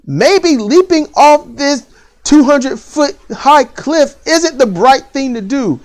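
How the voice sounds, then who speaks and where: A vlogger ranting bluntly about parenting and school in a casual, repetitive way, with lively rises in pitch. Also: slow pace. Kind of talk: opinion rant to camera.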